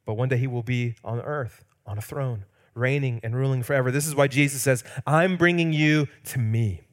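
A male pastor with a medium-pitched voice preaches at a normal speed. His sermon swings between loud, emphatic peaks and hushed, quiet lines, and he sometimes acts out quoted lines playfully.

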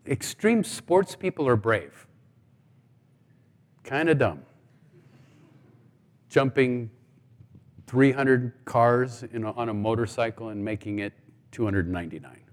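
A man's voice: mid-range voice, sing-song, takes it slowly, long pauses. A middle-aged man giving a sermon testimony, telling stories and acting out the dialogue with humor. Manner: storytelling, acts out dialogue with humor. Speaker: guest speaker. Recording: long hall reverb.

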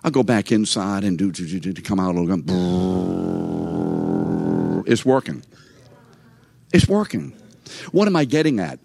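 A man's voice: lowish voice, sing-song, brisk, darkish tone, no room sound. An older man giving a sermon as a story, chatty and conversational, speaking straight to his listeners. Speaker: preacher.

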